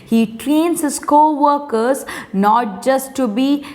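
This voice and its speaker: A woman teacher with an Indian English accent reads a textbook lesson aloud to children, slowly dictating words and repeating each one. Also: sits high, warm tone, long reverb tail. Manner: slow, deliberate dictation, repeating each word.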